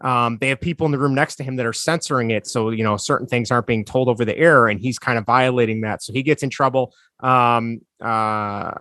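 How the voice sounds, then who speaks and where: A man's voice: mid-range voice, fairly even intonation, fairly quick, few pauses, fairly bright tone, no echo. A man co-hosting a casual podcast chat, explaining at length with many ums. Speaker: podcast co-host.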